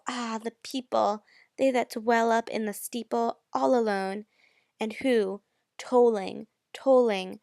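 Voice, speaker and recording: A woman giving a dramatic recitation of a poem, reading in a slow, measured way and pressing harder on the repeated words. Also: fairly high pitch, darkish tone, no room sound, studio quality. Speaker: poetry reader.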